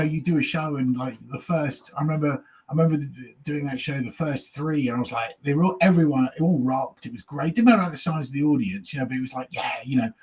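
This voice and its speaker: A slightly husky man with a higher-than-usual voice tells rambling stand-up stories in easy chat. He swears casually and slips into the voices of people from his audiences. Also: a little mellow. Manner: chatty storyteller, swears, acts out audience voices. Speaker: comedian guest. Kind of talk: casual chat, telling anecdotes.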